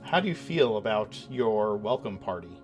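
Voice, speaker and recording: A man narrating as dungeon master of a tabletop game, measured and full of uhs and ums. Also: on the low side, animated, darkish tone, soft background music. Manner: measured, with frequent uh and um.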